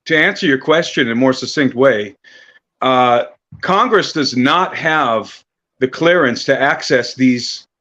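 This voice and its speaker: A man speaking as an interview guest, explaining at length in an earnest, steady way with some restarts. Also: medium pitch, measured pace, lo-fi sound. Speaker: guest researcher. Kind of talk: interview answers.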